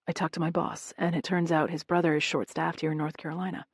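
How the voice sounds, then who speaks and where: Woman doing a soft-spoken young guy in love, earnest, lowish voice, dry close sound. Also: flat delivery, fast, breathy edge, no echo. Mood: tender. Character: adoring young man, tender and frank.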